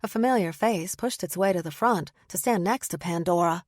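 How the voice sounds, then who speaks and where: A woman narrating a first-person audiobook in a measured, expressive storytelling manner, close to the mic. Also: fairly low pitch, dry recording.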